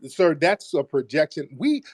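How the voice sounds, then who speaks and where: A man's voice: on the high side, big pitch swings, measured pace, a little mellow, slightly rough, no echo. A man hosting a call-in debate show, blunt and dismissive, repeating his points over and over. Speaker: host.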